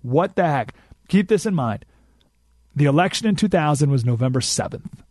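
A man hosting a political talk radio show, emphatic and animated, repeating points for effect, in a studio. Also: a little high, normal speed, no room sound. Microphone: studio microphone.

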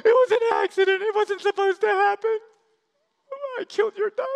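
A man's voice: fairly high pitch, animated, slow, fairly bright tone, full character voice. A pastor voicing a frightened small boy who stammers near tears as he confesses. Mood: tearful. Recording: long church-hall reverb.

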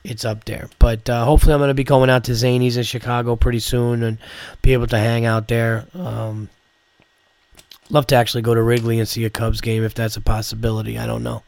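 A man hosting his podcast, sounding hoarse and a little sick, telling stories and ranting in a loose, profane way that climbs in pitch when he gets worked up. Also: level tone, a little fast, darkish tone, no room sound. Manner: profane, storytelling, rants with rising pitch. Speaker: comedian podcast host. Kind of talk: casual chat.

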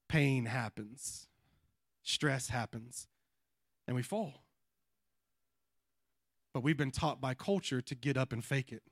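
A male pastor preaching a sermon in church, telling a family story with lively animation and often dropping to a hush before building up to a shout, with repeated asides like "watch this.". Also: medium pitch, dry recording, clean studio sound. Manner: repeats catchphrases like "watch this" and "you know what I mean".

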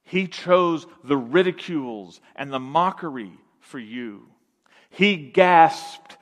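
A man preaching a sermon as pastor, emphatic, with dramatic pauses, dropping to a hush and then swelling again. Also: a little high, animated. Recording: long reverb of a large hall.

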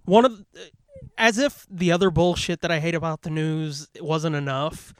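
A man co-hosting a podcast in casual chat, hyper and fast-talking, swearing constantly. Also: on the high side, steady tone, clean tone, no echo, studio quality. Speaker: podcast co-host.

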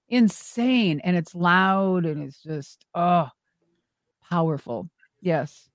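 A middle-aged woman, a former wrestler and monster truck driver, telling animated stories as a guest and swearing freely. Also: lowish voice, takes it slowly, no echo. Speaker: interview guest. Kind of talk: casual storytelling.

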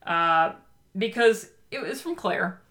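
Lively, bright-voiced woman co-host. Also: mid-range voice, slow. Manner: animated, emphatic. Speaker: podcast co-host. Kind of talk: casual chat reviewing books.

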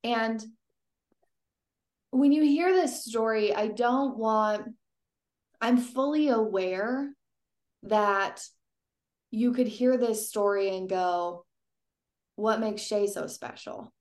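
A woman's voice: a little high, takes it slowly, long pauses, darkish tone. A young adult woman giving a personal faith testimony in an earnest, emotional way, often restarting her sentences. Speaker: guest.

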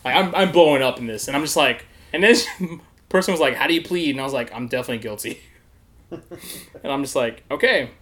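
A man's voice: mid-range voice, brisk, fairly bright tone. A young man hosting a podcast, telling a story in casual chat, laughing often and swearing freely. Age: young adult. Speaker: podcast host.

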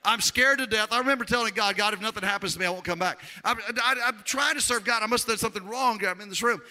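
A man preaching a sermon, telling his own story with lively, acted-out voices and loud peaks. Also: high-pitched, fast. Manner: animated storyteller, acts out voices, shouts at peaks. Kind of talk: testimony sermon.

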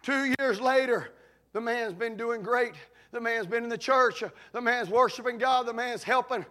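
A man, a pastor telling a story in a sermon, folksy with lots of "uh" fillers, swinging from hushed to shouting. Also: extremely high pitch, normal speed.

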